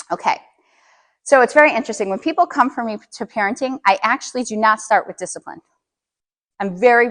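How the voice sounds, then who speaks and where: Woman leading a parenting workshop. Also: fairly high pitch. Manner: engages the audience with questions, frequent "okay?". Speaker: parent coach giving a workshop. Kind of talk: live parenting workshop talk.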